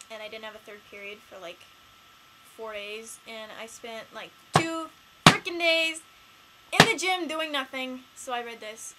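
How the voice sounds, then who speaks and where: A teenage girl chatting casually in a home vlog, rambling and excitable with lots of fillers. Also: fairly high pitch, noisy background. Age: late teens. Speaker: vlogger.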